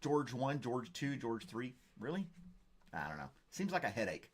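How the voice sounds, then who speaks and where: A man hosts a casual live stream and chats with viewers. He rambles from joke to joke in a relaxed, offhand way. His voice sits at an ordinary mid pitch. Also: normal speed, husky. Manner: rambling, jokey, reads viewer comments. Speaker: host.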